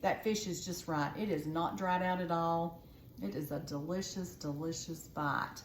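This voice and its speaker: A woman's voice: fairly low pitch, unhurried, slight background noise. Chatty Southern woman cooking at the stove. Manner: chatty, folksy, keeps saying "y'all". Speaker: home cooking host. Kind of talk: casual cooking demonstration. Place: home kitchen at the stove. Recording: echoey kitchen with loud frying sizzle. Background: frying and sizzling pan.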